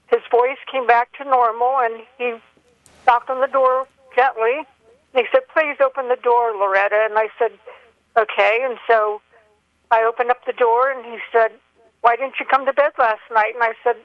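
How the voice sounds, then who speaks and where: A woman's voice: on the high side, no room sound. Older woman caller on a dull phone line. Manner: earnest, halting storytelling with many fillers. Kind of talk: phone-in call. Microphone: telephone.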